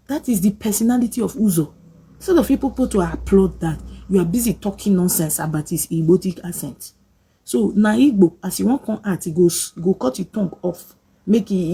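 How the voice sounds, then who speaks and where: A woman's voice: fairly low pitch, creaky, mellow, husky. A woman with a Nigerian accent scolding her viewers in an emphatic vlog rant, slipping into pidgin. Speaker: vlogger. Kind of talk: opinionated rant to camera.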